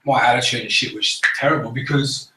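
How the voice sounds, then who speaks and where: A man's voice: medium pitch, steady tone, fairly quick, bright, forceful tone. Blunt, swearing Australian man in an echoey room. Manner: blunt, swears a lot, acts out others' voices. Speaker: speaker at a business group meeting. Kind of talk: casual motivational talk. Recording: echoey room, mic at a distance, faint noise.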